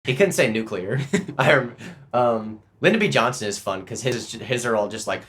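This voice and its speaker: A man's voice: normal speed, fairly bright tone. A man co-hosting a casual podcast, joking crudely and laughing through his impressions. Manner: crude, giggly, mumbling low asides. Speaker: podcast co-host.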